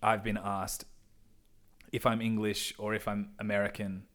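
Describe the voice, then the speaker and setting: A man from Australia with a softened Australian accent, chatting thoughtfully and articulately about film as a podcast host. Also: fairly low pitch, little pitch movement, moderate pace. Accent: Australian, softened by drama training. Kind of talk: casual film discussion.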